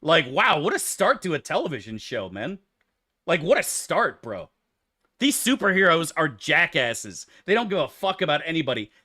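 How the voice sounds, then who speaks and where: This game streamer answers his chat at a normal speed, his sing-song voice on the high side and sharp in tone. The banter is loose, rambling and full of profanity.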